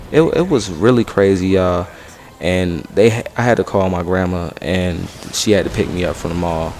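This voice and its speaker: A young man in his late teens tells a story to the camera in loose, slangy talk. His voice sits low. Faint room ambience hums under him. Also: moderate pace, slight background noise. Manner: slangy, animated retelling with acted quotes. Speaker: vlogger telling a story. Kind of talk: casual storytelling.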